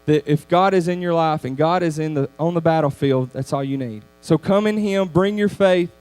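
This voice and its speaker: A man giving a youth sermon lesson, in a conversational, animated storytelling manner. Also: a little high, moderate pace, clear, resonant tone, no room sound. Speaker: youth speaker.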